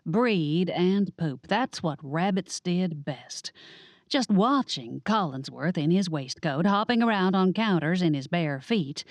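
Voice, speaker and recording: A woman's voice: fairly low pitch, darkish tone, no room sound. A woman narrating a cozy audiobook in first person, wry and conversational.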